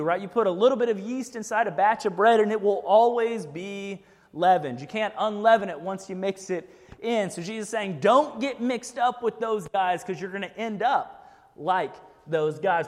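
A man's voice: high voice, in a large hall. A man preaching a sermon to a church group in a casual, conversational way, often checking in with "right?". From United States. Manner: casual, keeps asking "right?". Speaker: pastor.

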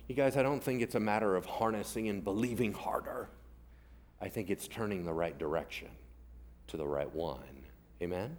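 A man who is a pastor, preaching a sermon in casual, animated storytelling style, acting out biblical characters in everyday modern voices and often asking the congregation to agree. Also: lowish voice, normal speed.

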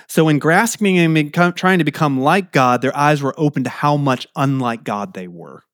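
A man preaching a sermon in a conversational way, his pitch jumping up for emphasis. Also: expressive, moderate pace, fairly bright tone, dry recording, studio quality. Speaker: pastor.

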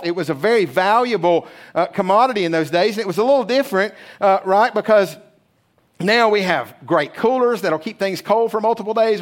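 A man preaching a sermon in a church, emphatic, often checking in with the congregation with "right?". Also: high-pitched. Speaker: pastor.

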